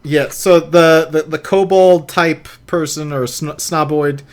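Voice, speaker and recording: A man's voice: fairly high pitch, fairly even intonation, slow pace, crowd noise. A man co-hosting a podcast in casual chat, laughing often and restarting his sentences. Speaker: podcast co-host.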